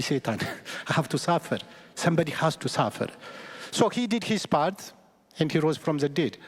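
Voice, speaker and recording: Earnest priest with a fairly high voice in a church. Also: male voice. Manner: storytelling, earnest, chuckles between points. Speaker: Catholic priest. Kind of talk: sermon. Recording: long church reverb.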